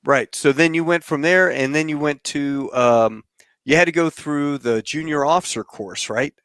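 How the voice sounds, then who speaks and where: Animated man telling a story. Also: a little high, moderate pace, clear, resonant tone, no echo. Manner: lively storyteller, animated when telling anecdotes. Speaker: podcast host. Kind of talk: casual interview.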